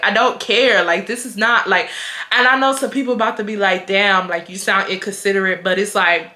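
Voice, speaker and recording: A young woman from Houston, telling a story to her viewers in a blunt, animated, profane way with frequent laughter. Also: medium pitch, reverberant, a little hiss or hum. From Houston, Texas. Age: 20s. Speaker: vlogger. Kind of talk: casual storytime.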